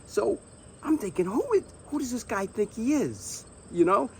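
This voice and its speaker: Animated middle-aged New storyteller. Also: male voice, sits high, moderate pace, vocal fry, slight background noise. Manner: animated, profane, repeats phrases for emphasis. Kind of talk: casual comic storytelling. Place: outdoors on a stoop.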